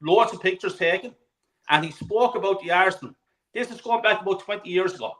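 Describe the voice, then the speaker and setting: An Irish man hosting a football chat over a video call, animated, laughing and swearing as he tells stories. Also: high-pitched, brisk, low-quality recording. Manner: animated, swears freely, laughs mid-story. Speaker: host of a football panel. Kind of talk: casual chat, storytelling.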